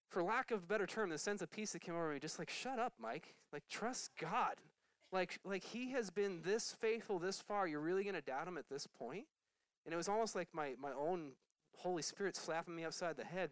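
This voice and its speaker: Animated preaching man with a smooth voice. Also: dry recording, poor audio. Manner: animated storytelling, leaps high when excited. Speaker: pastor. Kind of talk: sermon testimony.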